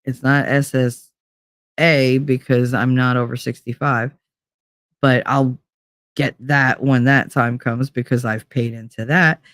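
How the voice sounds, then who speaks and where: A woman's voice: rumbling low, steady tone, unhurried, no echo. A woman vlogger telling a story as a blunt, profane rant in a casual chat.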